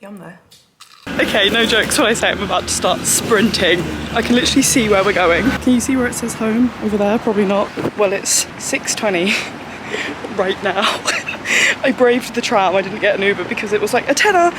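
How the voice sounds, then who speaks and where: A woman's voice: medium pitch, a little fast, noisy background. A young woman vlogging casually, chatty and gushing, with lots of "like". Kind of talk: casual vlog chat.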